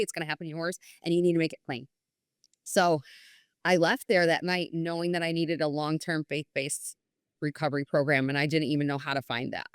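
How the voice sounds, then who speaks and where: A deep-voiced woman from New York appears as a podcast guest, recorded in studio quality with no room sound. She tells her personal story earnestly and candidly, often quoting others and herself with lines like "I was like."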